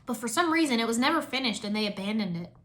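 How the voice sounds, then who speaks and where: A woman voicing an excitable young male ninja who loves video games, gushing and shrill. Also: quick pace. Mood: eager.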